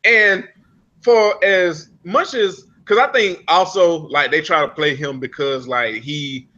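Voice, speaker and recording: Male co-host, bright and forceful, rambling and profane, lo-fi audio. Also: on the high side, slow pace. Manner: rambling, profane, laughs a lot. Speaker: podcast co-host. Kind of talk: casual reality-TV recap chat.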